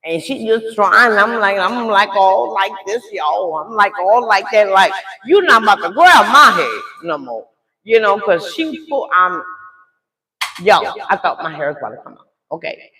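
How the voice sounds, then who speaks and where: A middle-aged woman telling a story live in a casual way, animated and talking straight to her audience. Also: medium pitch, normal speed, roomy sound, low-quality recording.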